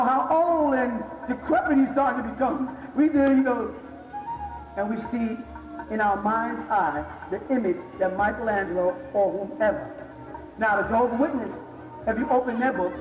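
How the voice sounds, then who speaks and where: A man lecturing an audience on religion, emphatic and constantly checking that the listeners follow him. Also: extremely high pitch. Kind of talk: live lecture with audience questions. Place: large hall before an audience. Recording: echoey hall, faint music.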